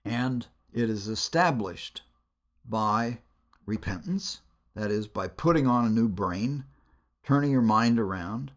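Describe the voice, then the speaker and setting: A man giving a teaching lecture on biblical storytelling, measured and deliberate, pausing with hesitations between phrases. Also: fairly low pitch, lively intonation. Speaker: Bible lecturer.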